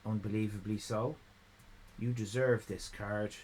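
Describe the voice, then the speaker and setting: A man's voice: lowish voice, fairly even intonation, a little slow, darkish tone, slight background noise. A man hosting a live stream in casual chat, rambling, laughing and thanking viewers. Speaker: livestream host.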